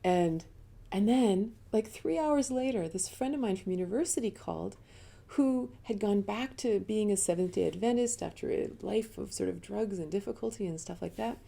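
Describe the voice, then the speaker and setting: A woman's voice: mid-range voice, moderate pace, creaky, warm tone. A middle-aged woman giving a live talk as a spiritual teacher, telling personal stories candidly and chattily, often laughing.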